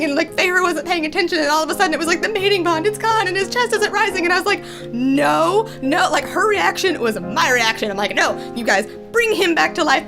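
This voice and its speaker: A young woman with a high, bright voice gushes through a book review, piling up "like" and "oh my God" as she talks. Her chatter is excited and fangirlish. Soft music runs faintly underneath. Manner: gushing fangirl chatter, many fillers and exclamations.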